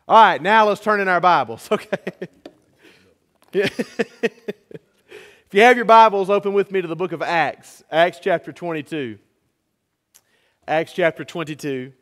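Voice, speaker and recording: A pastor delivers a sermon in a high voice. His manner is folksy and energetic, and he keeps circling back to the same words to drive them home. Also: a little slow, long pauses. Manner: energetic, folksy, repeats phrases for emphasis.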